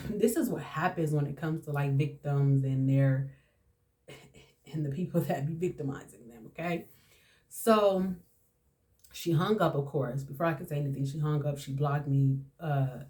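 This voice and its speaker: A woman's voice: low voice, dark tone. A woman around forty hosting a podcast, telling a personal story in a candid, emotional way and often repeating herself. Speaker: podcast host.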